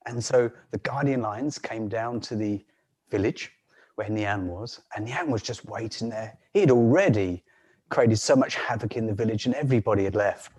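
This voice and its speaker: A man telling a folk tale on a video call in an unhurried way, with frequent restarts and soft laughs. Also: fairly low pitch, breathy edge. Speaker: storyteller.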